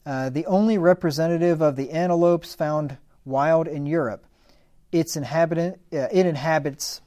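A man teaching from the Bible, reading verses slowly, then explaining them casually with asides. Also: fairly high pitch, a little mellow. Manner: reads scripture slowly, then explains in a loose conversational way with asides.

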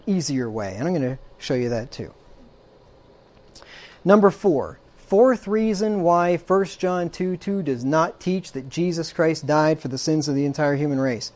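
A man's voice: a little high, darkish tone. A man preaching a sermon, emphatic, checking in with frequent rhetorical questions and dropping dry, sarcastic asides.

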